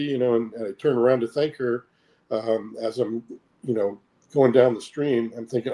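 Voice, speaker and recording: A middle-aged man from the United States tells his story as an interview guest, pausing, repeating himself and filling gaps with ums. His voice is mellow and soft-edged, at an ordinary pitch. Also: steady tone. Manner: hesitant, repeats words, many fillers. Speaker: interview guest, military veteran. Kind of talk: casual recounting of personal experiences.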